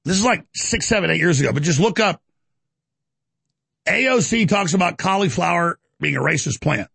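A man's voice: high voice, animated, normal speed, creaky, a bit bright, husky, no room sound. A male talk show host ranting sarcastically, with mocking asides and stammered restarts. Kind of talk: ranting talk radio monologue.

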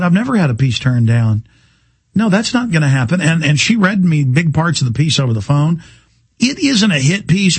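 Heated, husky-voiced talk radio host. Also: male voice, a little high, no echo. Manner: rambling, heated, mimics voices in quotes.

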